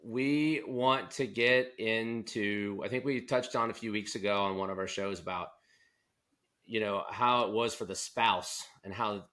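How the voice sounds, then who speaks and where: A man's voice: on the low side, unhurried, pushed and bright. A man co-hosting a podcast, interviewing guests in a loose, conversational way, often restarting his sentences. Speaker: podcast co-host, doctor.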